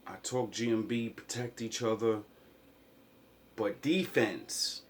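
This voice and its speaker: A man in a rambling, impassioned vlog monologue, swinging from quiet mutters to loud outbursts. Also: fairly low pitch, takes it slowly, a little hiss or hum. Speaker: vlogger.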